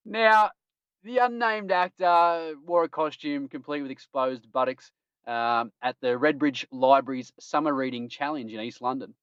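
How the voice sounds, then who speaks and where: An Australian man hosts a podcast, rattling through odd news stories in a cheeky, joking way and laughing at his own puns. His voice sits on the high side, a little slow, somewhat bright and smooth, with no room sound. It's casual news-roundup chat, captured as dull lo-fi stream audio.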